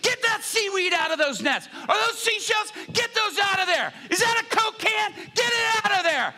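A man's voice: extremely high pitch, expressive, very fast, soft background music, voice pushed up, heavily acted. A man acting out a frustrated, exasperated fisherman during a comic sermon. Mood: exasperated ranting. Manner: ranting, exasperated and loud. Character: frustrated shouting fisherman Peter, grown man.

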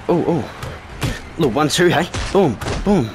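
A man hosting a gaming video, joking and trash-talking with excitable outbursts. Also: fairly high pitch, measured pace, noisy background. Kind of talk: let's-play commentary. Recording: game music playing behind.

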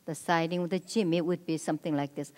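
A woman leading a marriage seminar at a church, speaking directly and prompting the audience with quick cues. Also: low voice, steady tone, darkish tone. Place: church hall. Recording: long hall reverb.

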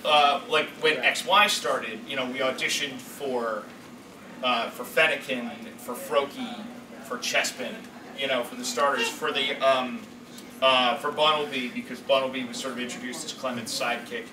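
A man who directs and performs voices, telling stories at a convention panel in a rambling, animated way. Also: medium pitch, moderate pace. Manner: animated, rambling storytelling with frequent fillers. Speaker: voice director and voice actor. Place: convention hall. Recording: echoey hall from far off, noisy.

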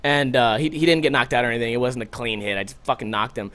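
A man hosting a podcast, telling a story in a loose, profane, animated way and loudly acting out what people said. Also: mid-range voice, fast talker. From Las Vegas. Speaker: podcast host. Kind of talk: casual storytelling monologue.

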